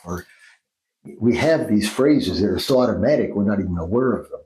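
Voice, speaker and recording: A man with a fairly low voice talks as a guest therapist, thoughtful and unhurried in his explanations. The recording carries a clear roomy echo around him. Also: warm tone. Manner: thoughtful, explains slowly, acts out phrases in different tones. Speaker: guest, Jungian dream therapist. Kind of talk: reflective interview talk.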